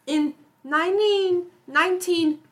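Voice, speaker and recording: A woman's voice: very high-pitched, takes it slowly, a bit bright. A woman co-hosting a student podcast, asking interview questions with care. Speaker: student co-host.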